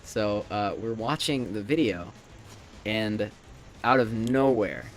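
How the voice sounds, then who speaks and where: A teenage boy chatting casually while gaming, telling animated stories and acting out his classmates' lines. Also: on the low side, slow, a little hiss or hum. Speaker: gamer chatting while playing. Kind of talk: casual chat. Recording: faint game music behind.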